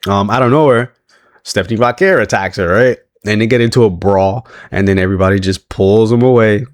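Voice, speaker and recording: Casual male recap host, lowish register, chatty and easily amused, dry close sound. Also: fairly quick, dry recording. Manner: chatty, laughs often, frequent restarts. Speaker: wrestling recap reviewer.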